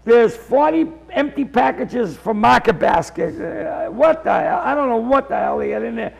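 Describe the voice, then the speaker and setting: A comedian, telling an animated story and acting out the voices in it. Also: male voice, very high-pitched, normal speed, vocal fry, hardly any pauses, a little hiss or hum, poor audio. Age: 70s. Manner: animated, acts out voices in his stories. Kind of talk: storytelling anecdote.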